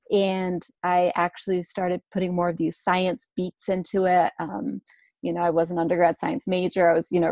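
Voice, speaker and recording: A young woman in her twenties, a guest in a casual interview, talking in a relaxed, chatty way with many fillers. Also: fairly low pitch, dry recording, clean studio sound. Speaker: guest, runner and food blogger.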